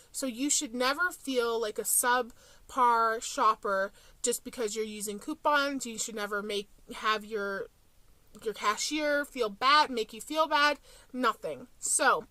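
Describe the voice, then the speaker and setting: A young couponing vlogger chats casually to camera, telling stories with plenty of "um" and "like." Her slightly high voice is bright and clear, a little slow, and the recording is dry and close with no room sound.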